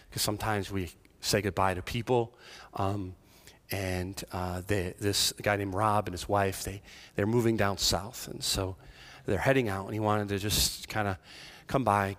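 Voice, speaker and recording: Preaching conversationally, this man speaks on the low side and alternates quiet, near-whispered passages with loud, forceful moments in his sermon.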